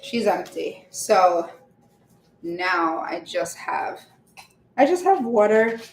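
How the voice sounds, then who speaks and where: Speaking slowly with lively intonation, a woman with a mid-range voice bakes at home while chatting casually to livestream viewers. She laughs often and trails off with fillers, and the echoey kitchen has faint ambience and a noisy background.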